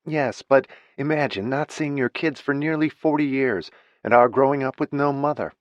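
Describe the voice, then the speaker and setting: A man's voice: mid-range voice, moderate pace, dry recording, lo-fi sound, pitched above the performer's own voice, lightly acted. A male narrator voicing an outspoken grown daughter who speaks bitterly and bluntly. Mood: indignant.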